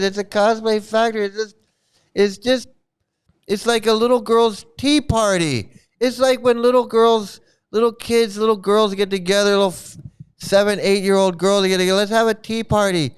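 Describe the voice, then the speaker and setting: A man talks through a casual commentary rant, blunt, exasperated and a little profane, circling back to the same points. His voice rings very smooth and resonant, sitting fairly high for a man. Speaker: commentary channel host.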